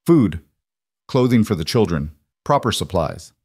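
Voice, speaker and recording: A man reading as a steady, protective rancher. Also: fairly low pitch, a little slow, slightly rough, no room sound, clean studio sound, full character voice. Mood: plain. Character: gruff, protective male rancher, newly a father.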